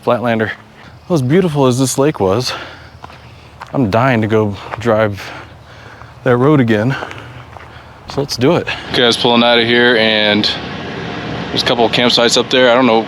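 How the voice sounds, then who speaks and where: A man narrating a casual outdoor travel vlog, joking to himself while he explores a lake and drives a rough road. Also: medium pitch, background noise. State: out of breath at altitude. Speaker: travel vlogger. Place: outdoors by a mountain lake and in a vehicle.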